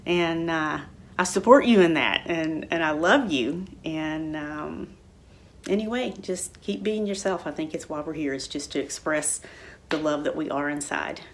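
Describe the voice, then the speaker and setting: A middle-aged woman talking casually and warmly about her own life, rambling with many fillers and restarts. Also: low-pitched, a little slow. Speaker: spiritual center speaker. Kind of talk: casual personal talk.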